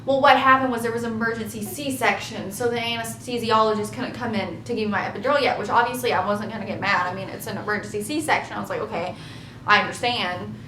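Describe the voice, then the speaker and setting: A young woman casually telling her labor story to camera, chatty and animated, laughing at herself now and then. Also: quick pace, crowd noise. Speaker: vlogger. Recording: echoey room with faint rumble.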